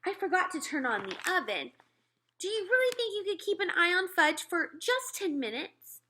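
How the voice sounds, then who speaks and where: A woman's voice: extremely high pitch, very animated, moderate pace, bright, forceful tone, a little hiss or hum, voice pushed up, exaggerated voice. A woman reading aloud, voicing a worried mother of a young boy who speaks in an anxious, hesitant, pleading way. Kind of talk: storybook read-aloud.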